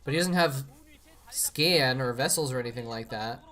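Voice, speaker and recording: A man's voice: medium pitch, moderate pace, bright, forceful tone. A man casually commenting on an old match during a live stream, rambling with many fillers and restarts.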